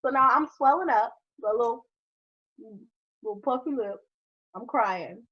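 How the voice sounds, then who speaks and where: High, lively woman spinning a story. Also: measured pace, breathy edge, highs cut off. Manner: animated storyteller, swears freely, laughs often. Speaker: mother telling a story from her youth. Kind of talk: casual podcast chat.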